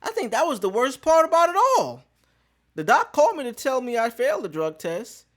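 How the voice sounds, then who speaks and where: A man's voice: very high voice, very animated, fairly quick, fairly bright tone. A man hosting a podcast, telling a story in casual street slang with plenty of profanity. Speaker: podcast host.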